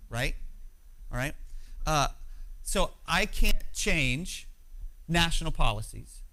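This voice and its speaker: A man's voice: on the high side, big pitch swings, moderate pace, pauses often, sharp tone, low-quality recording. A pastor, a man in his thirties, giving a conversational, emphatic sermon that keeps checking in with his listeners. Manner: conversational, emphatic, frequent "right?" asides.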